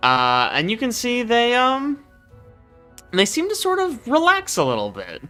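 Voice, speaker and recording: A man narrating as game master of a tabletop game, often pausing with fillers. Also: very high-pitched, soft background music. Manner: bright, lively, often hesitant with fillers.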